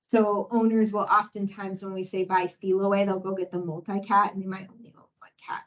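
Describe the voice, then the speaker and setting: A woman's voice: medium pitch, flat delivery, a little fast, few pauses, dull audio. A young woman giving a casual, encouraging training talk to veterinary hospital staff, full of fillers.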